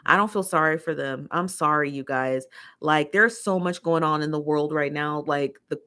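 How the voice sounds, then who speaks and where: Livestream host, American woman with a lowish voice, opinionated and fed up, reads chat comments and rants. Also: normal speed, a bit bright, smooth. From United States. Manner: opinionated, exasperated ranting with emphatic repetition. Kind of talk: casual livestream commentary, reading viewer comments.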